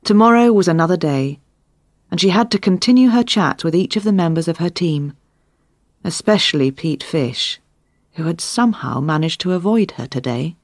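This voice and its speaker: A woman reading a crime story aloud in a clear, measured narration for learners. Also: fairly low pitch, animated, no echo, clean studio sound. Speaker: audiobook narrator. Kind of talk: scripted narration.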